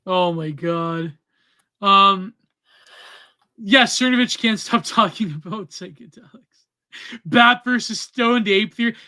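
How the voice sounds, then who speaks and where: A man's voice: sits high, slow pace, long pauses, bright, forceful tone. A man co-hosting a podcast in casual chat, rambling with many fillers and trailing off. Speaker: podcast co-host.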